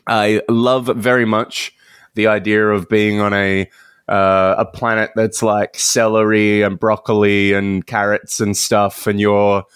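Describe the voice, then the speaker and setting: A man's voice: on the low side, little pitch movement, a little slow, fairly bright tone, clear, resonant tone, no echo, studio quality. A man co-hosting a comedy podcast in a casual, playful brainstorm, laughing often. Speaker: podcast co-host picking ideas.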